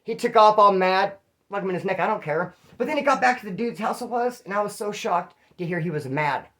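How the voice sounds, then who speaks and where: Fast-talking slangy man telling stories. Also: high-pitched, animated, a bit bright. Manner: profane, slangy, acts out other people's lines. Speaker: former inmate storyteller. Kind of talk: casual storytelling.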